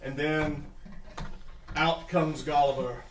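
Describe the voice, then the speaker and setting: Animated laughing game master, echoey room. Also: male voice, a little high, slow pace, distant mic, slight background noise. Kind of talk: narrating a tabletop game. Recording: echoey room mic'd from afar, crowd behind.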